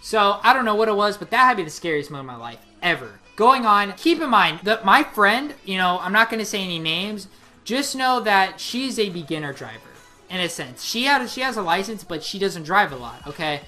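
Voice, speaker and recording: A young woman vlogger tells a story in a bright, forceful voice. Her pitch sits in an ordinary middle range. She talks in an excitable, rambling way and leans on "like" as a filler. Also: brisk, soft background music. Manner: excitable, rambling, heavy use of 'like'. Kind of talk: casual storytelling.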